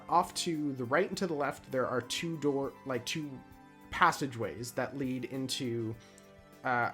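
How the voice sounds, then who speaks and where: Easygoing male dungeon master. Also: mid-range voice. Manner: laid-back, hesitant narration with many fillers. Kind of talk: narrating a tabletop game.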